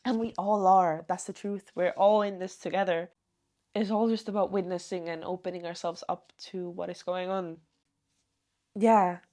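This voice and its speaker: A woman talking to camera in a personal vlog, gentle and earnest, with meandering sentences. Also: on the low side. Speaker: vlogger.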